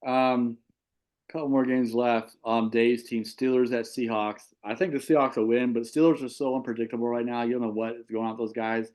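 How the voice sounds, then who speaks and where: A man hosting a casual sports talk show, animated and quick to repeat himself as he asks his co-hosts questions. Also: mid-range voice. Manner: animated, repeats and restarts words. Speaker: show host and football official.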